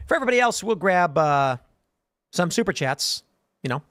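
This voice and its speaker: A man's voice: high-pitched, big pitch swings, normal speed, fairly bright tone, dry recording, studio quality. A man hosting a livestream show, rambling through viewer comments and joking asides in a casual way. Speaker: host.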